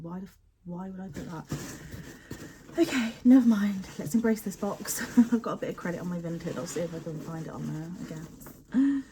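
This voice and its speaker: A woman's voice: fairly low pitch, fast, dark tone, a little hiss or hum. A young woman chatting casually and expressively as she unboxes and sniffs bath products, often poking fun at herself. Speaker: beauty product unboxing vlogger.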